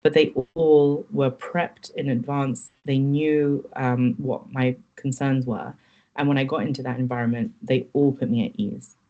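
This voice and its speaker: A woman speaks as a podcast guest, sharing her experience in an earnest, candid way. Her tone is reflective and sincere, and she pauses now and then to find her words. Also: rumbling low, steady tone, dark tone, lo-fi sound. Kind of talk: personal account in interview.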